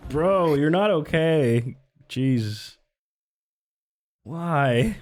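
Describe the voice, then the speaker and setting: A streamer giving sarcastic, laughing, animated commentary on a live stream. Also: mid-range voice, normal speed.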